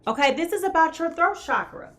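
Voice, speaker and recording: A woman hosting a live tarot reading speaks in a very high, animated, fairly bright voice at a fairly quick pace. She talks straight to her viewers, greets them by name, and keeps checking in with "okay?"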